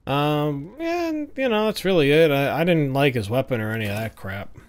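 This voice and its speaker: A man's voice: on the high side, very animated, moderate pace. A man streaming a game, commenting in a laid-back, chatty way and swearing casually. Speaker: gaming streamer. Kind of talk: let's-play commentary.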